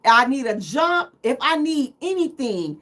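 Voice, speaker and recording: A woman's voice: high voice, sing-song, a little slow, bright, forceful tone. A middle-aged woman hosting a live radio talk show, telling teasing, self-mocking stories in a casual chat.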